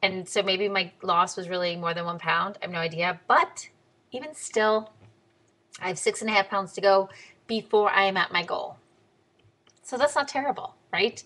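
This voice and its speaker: Bright-voiced blunt woman vlogger. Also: moderate pace. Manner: blunt, animated, swinging pitch way up for quoted voices. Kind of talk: casual video diary.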